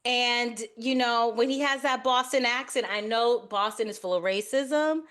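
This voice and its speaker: A woman's voice: fairly high pitch, moderate pace, a bit bright. Bold joking woman podcast co-host. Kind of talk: casual podcast debate.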